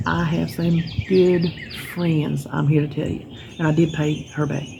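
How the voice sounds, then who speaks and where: This vlogger, a Southern US woman, spins rambling folksy stories in a casual porch chat while birds sound around her. She speaks at a measured pace in a low, mellow voice with vocal fry and little pitch movement, and a slight hiss or hum runs underneath.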